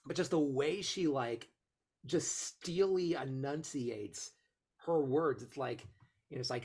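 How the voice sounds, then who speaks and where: A woman co-hosting a podcast, chatting in a rambling, animated way with many fillers. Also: very deep voice, takes it slowly, husky. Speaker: podcast co-host. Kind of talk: casual chat.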